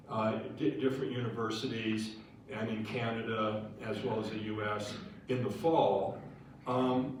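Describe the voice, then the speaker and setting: A man, a scientist, answering audience questions after a public lecture, thoughtful and halting with restarts. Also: medium pitch, darkish tone, slight background noise. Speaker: guest scientist speaker. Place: lecture hall. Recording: echoey hall, voice from far off.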